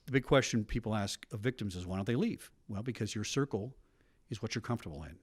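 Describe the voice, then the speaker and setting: Brief: middle-aged ex-cop, brisk storyteller, quick delivery, lowish voice. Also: male voice, slightly rough, no echo, studio quality. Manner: brisk storytelling with frequent asides. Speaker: retired police officer. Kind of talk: documentary interview.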